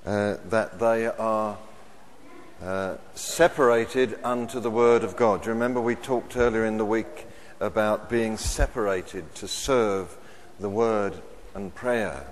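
A middle-aged man preaching a sermon, measured and emphatic, repeating his key phrases. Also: fairly low pitch, slight background noise. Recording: long hall reverb.

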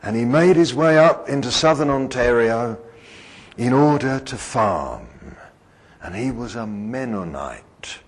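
A man preaches to a congregation in an easy, rambling way, turning often to ask his listeners questions. His voice is slightly husky and he talks slowly. His pitch rises and falls a great deal. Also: lively intonation. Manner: conversational, digressive, asks the congregation questions. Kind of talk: sermon.

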